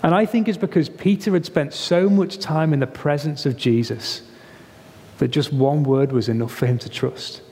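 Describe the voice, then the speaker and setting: A man preaching a sermon, telling the story in an animated way and acting out the voices in it. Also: fairly high pitch, normal speed. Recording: long reverb of a hall.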